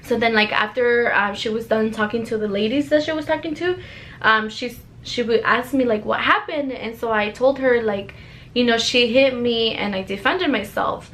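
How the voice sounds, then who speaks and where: A young woman talks straight to her viewers, telling a personal story. She is chatty and animated and fills her sentences with "like". Her voice sits a little high. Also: moderate pace, a little hiss or hum. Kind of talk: casual storytelling to camera.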